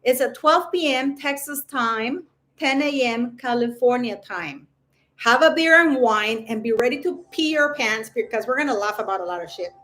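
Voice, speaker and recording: A woman's voice: fairly high pitch, expressive, moderate pace, fairly bright tone. A woman hosting a casual livestream, rambling and chatty with lots of fillers. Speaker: livestream host.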